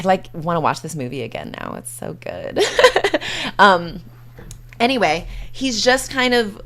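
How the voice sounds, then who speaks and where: A woman's voice: lowish voice, fairly bright tone. A woman streamer chatting casually and playfully, full of fillers and acted-out quotes while retelling a movie.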